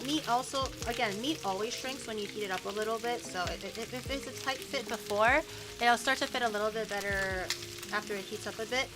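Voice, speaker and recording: A woman's voice: fairly high pitch, fairly quick. A woman streamer chatting casually while she cooks, playfully indignant as she bickers with her chat. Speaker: streamer cooking on camera. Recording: background music under voice.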